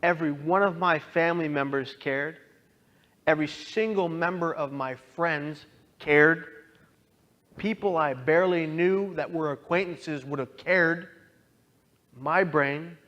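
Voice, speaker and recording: A man with a fairly high voice tells his own story as a dramatic personal testimony. He drops to near-hushed lines, then surges into loud, impassioned outbursts. He speaks straight to the listeners and pleads with them. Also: measured pace, highs cut off. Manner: pleading, directly addresses listeners.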